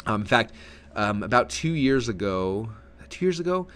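A man teaching a recorded webinar with an energetic, animated delivery, leaning forward and gesturing as he explains. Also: medium pitch, moderate pace. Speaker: marketing trainer.

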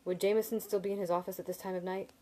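A woman's voice: medium pitch, little pitch movement, very fast, warm tone, lightly acted. A woman reading a novel aloud, voicing an anxious, earnest young man student who gets agitated and defensive. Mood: alarmed.

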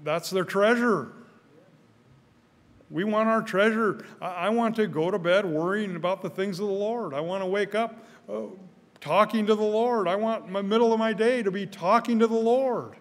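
An older man preaching a sermon in a church, earnest, often repeating his first words, growing louder when stirred. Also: sits high, moderate pace. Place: church sanctuary. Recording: church hall with long reverb.

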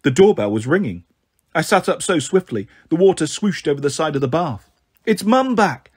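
A man with a somewhat high, husky voice reads a children's novel aloud. His narration is steady and measured. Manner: steady first-person reading. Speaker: storyteller.

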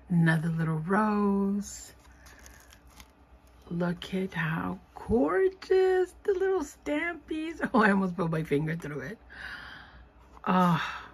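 A woman chatting casually as she opens craft mail, gushing and giggling, sometimes dropping to a soft whisper. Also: mid-range voice, sing-song, extremely slow, long pauses, breathy edge. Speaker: craft vlogger opening happy mail. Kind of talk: casual unboxing chat.

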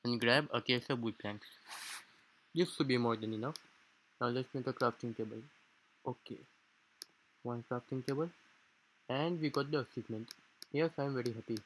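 Recorded on a low-quality home mic, this let's-play features a gaming YouTuber with a non-native English accent explaining the game in formal, rather stilted phrasing. His mid-range voice is a bit bright. Slight background noise adds to the poor audio.

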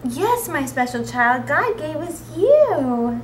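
A tender mother bear from a bedtime storybook reassures her cub in a soft, high voice, read by a woman. She speaks slowly and soothingly. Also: big pitch swings, slight background noise, exaggerated voice.

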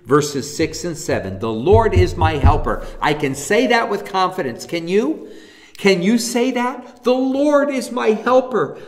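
A man's voice: mid-range voice, a bit bright. A man, a pastor, teaching a Bible class, reading scripture aloud and pressing his points with emphatic rhetorical questions. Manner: reads scripture passages aloud.

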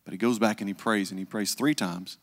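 Pastor preaching in a reverberant hall. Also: male voice, fairly low pitch, fairly even intonation, fairly quick. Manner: conversational preaching, acts out quoted voices, drops to hushed tones. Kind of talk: sermon.

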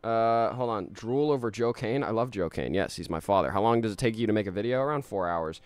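A man's voice: fairly low pitch, lively intonation, quick pace, clean tone, no room sound. A man live-streaming a game, chatting casually, laughing often and reading chat messages aloud.

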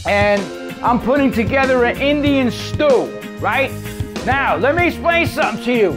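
A man hosting a casual cooking chat, talking fast with profanity and hype. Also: very high-pitched, lively intonation, over music. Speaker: host. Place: home kitchen.

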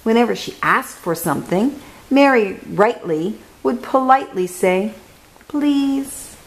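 A woman hosting a children's reading show, reading a picture book aloud in a gentle, careful way. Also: medium pitch, animated, normal speed, low-quality recording. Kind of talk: storybook read-aloud.

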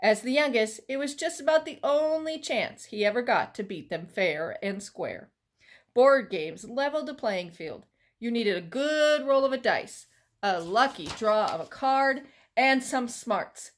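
A woman librarian reading a children's chapter book aloud with expressive storytelling. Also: fairly high pitch, measured pace.

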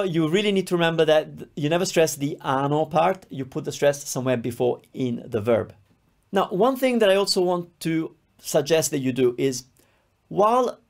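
A man teaching a beginner language lesson, explaining patiently and drilling words aloud with clear stress. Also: fairly high pitch. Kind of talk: recorded online lesson.

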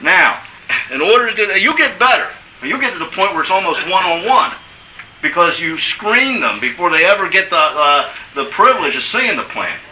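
A man delivers a motivational business seminar with a forceful, sharp-edged tone and a voice pitched a bit high. He talks emphatically and coaxingly, checking in with his listeners again and again. The sound is echoey and distant, with faint noise underneath. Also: big pitch swings, normal speed. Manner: emphatic, coaxing, asks "okay?" often. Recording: echoey room from far off.

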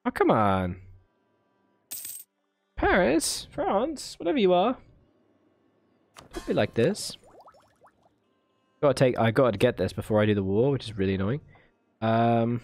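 A man's voice: fairly low pitch, very animated, normal speed, long pauses, a little mellow, no room sound. Playful man muttering game commentary. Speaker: gaming video host. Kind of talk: let's play commentary.

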